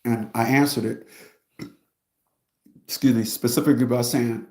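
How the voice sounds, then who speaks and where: Talking directly to his audience, a male streamer and commentator rants through a story in a casual, emphatic, profane way. His mid-range voice is steady and darkish, with a moderate pace and long pauses, and the room echoes noticeably.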